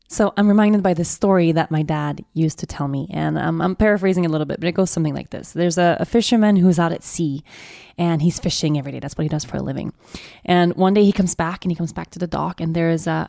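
A woman in her thirties with a low, creaky voice hosts a podcast, sharing personal stories in a candid, reflective, and warm way and laughing often. The studio-quality recording has no echo.

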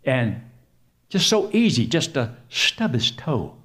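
A man's voice: medium pitch, big pitch swings, slow pace, a bit bright. Preacher guy, folksy and emphatic, voice jumps all over the place. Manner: folksy, emphatic storytelling with dramatic swings. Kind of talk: sermon.

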